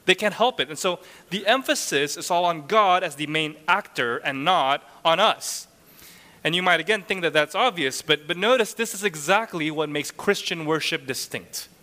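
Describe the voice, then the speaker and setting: Bright-voiced preacher in a reverberant hall. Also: male voice, on the high side, expressive, moderate pace. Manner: earnest, rhetorical, frequent "right?" tags. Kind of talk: sermon.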